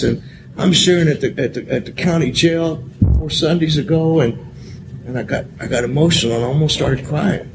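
A man speaking at a convention and sharing his recovery story candidly. He rambles, repeats himself, swears often and keeps saying "man.". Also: on the high side. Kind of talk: candid recovery share, profane and emotional. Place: convention hall. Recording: live talk with loud room noise.

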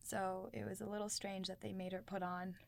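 A woman's voice: mid-range voice, little pitch movement, fairly quick, gravelly, no room sound. A woman from South Asia hosting a casual discussion, thinking aloud and restarting her sentences often. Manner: hesitant, fills with "like" and rewinds mid-thought.

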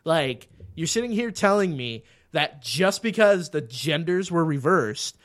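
A man's voice: fairly high pitch, very animated, unhurried, fairly bright tone. A man co-hosting a podcast, ranting in casual chat with heavy profanity. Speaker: podcast co-host.

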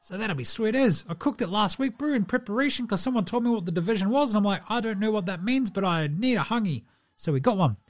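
A man doing a comic impression of a laid-back, cheerful, slow-witted New basketball player, with a drawl, tagging every line with "Brew" and "eh". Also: sits high, animated. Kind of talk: comedy impression sketch.

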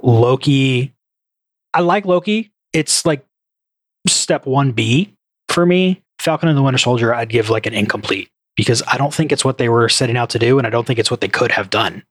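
A man's voice: medium pitch, lively intonation, moderate pace, no echo. A man co-hosting a podcast in casual chat, joking dryly and then giving his opinions. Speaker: podcast co-host.

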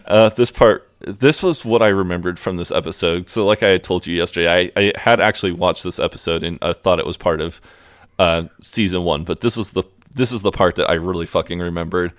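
A man's voice: deep voice, fairly quick, no room sound, studio quality. A man co-hosting a podcast, casually retelling television scenes and quoting the characters' lines with frequent laughs. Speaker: podcast co-host. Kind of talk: casual recap chat.

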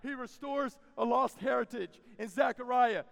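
A man preaching a sermon to a youth camp crowd, moving from quiet teaching to loud, emphatic preaching with folksy asides. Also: very high voice, moderate pace, gravelly. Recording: long reverb of a large hall.

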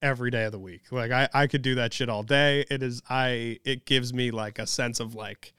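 A man's voice: medium pitch, normal speed, clean tone, dry recording, clean studio sound. A young man co-hosting a podcast, talking bluntly and casually, with the odd swear word. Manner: blunt, animated, swears freely. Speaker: podcast co-host. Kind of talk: casual chat.

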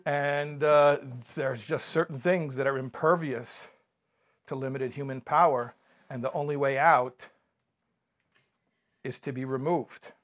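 A man giving a measured, reflective talk about recovery, mixing in stories and jokes. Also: mid-range voice, fairly even intonation, a bit bright. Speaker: recovery speaker.

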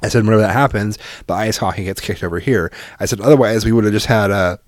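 Brief: middle-aged male co-host, quick and profane, dry close sound. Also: on the low side, dry recording. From Oregon, US. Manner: profane, animated, lots of fillers. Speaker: podcast co-host. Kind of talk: casual storytelling chat.

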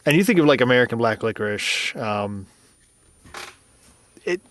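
A man's voice: mid-range voice, expressive, normal speed, a bit bright. A man co-hosting a podcast, chatting casually, laughing often and stumbling over his words. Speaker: podcast co-host. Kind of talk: casual chat.

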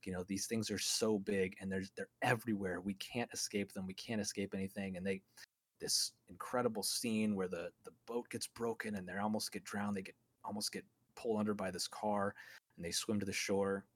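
A man with a fairly low voice talks through a film on a podcast, enthusiastic and rambling, often restarting his sentences. The recording is dry and close, with no room sound. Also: fairly even intonation, brisk, husky, no echo. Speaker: podcast co-host. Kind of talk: casual film podcast monologue.

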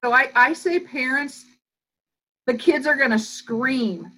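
Woman guest expert, lively explainer with a bright, slightly high voice. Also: husky, poor audio. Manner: animated, fast-flowing explanations that act out quoted voices. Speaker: guest psychologist and educator. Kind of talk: podcast interview.

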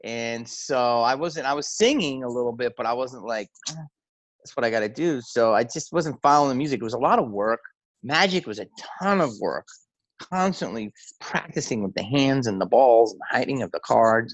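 A comedian guest in a casual interview speaks in an expressive, mid-range male voice at a moderate pace, captured with no room sound on a low-quality recording. He tells loose, rambling stories and acts out the people he quotes.

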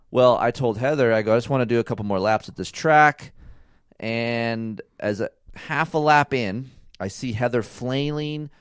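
A man's voice: medium pitch, moderate pace, smooth, dry recording, clean studio sound. A man in his thirties co-hosting a casual chat, telling a story animatedly and swearing freely. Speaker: co-host of a couple's talk show.

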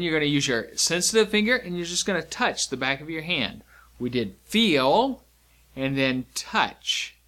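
A man teaching a sign language lesson, repeating each word slowly and clearly with expressive emphasis. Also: fairly high pitch. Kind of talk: slow, deliberate instructional lesson.

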